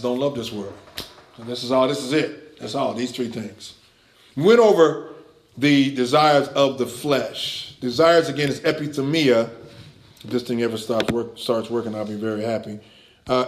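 Animated preacher in an echoey room. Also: male voice, a little high, slight background noise. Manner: animated preaching, swings from loud to quiet. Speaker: pastor teaching a Bible class. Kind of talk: sermon.

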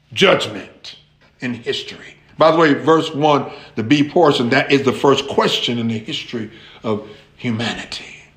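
Male preacher, high and lively voice, in a roomy hall. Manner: animated, conversational, addresses listeners directly. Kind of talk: lively sermon.

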